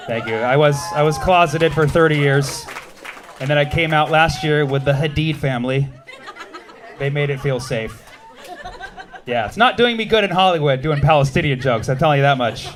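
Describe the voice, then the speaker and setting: A man doing a stand-up comedy set, punchy and quick with asides and banter with the crowd. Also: mid-range voice, slight background noise. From United States. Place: comedy club stage with a live audience.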